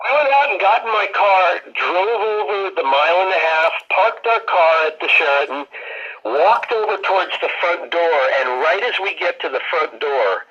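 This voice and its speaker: A man in his sixties spins stories as a podcast guest in a husky, bright voice that swings up and down with animation. He laughs often through his tales. The sound comes over a dull, lo-fi remote line. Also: high-pitched, lively intonation, normal speed. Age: 60s. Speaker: podcast guest, rock photographer. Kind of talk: casual storytelling.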